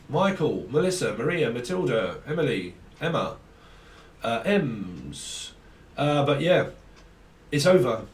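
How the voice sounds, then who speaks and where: A man's voice: mid-range voice, big pitch swings, measured pace. A man doing a casual tarot reading, rambling and free-associating names and laughing often. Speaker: tarot reader. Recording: echoey room, mic at a distance.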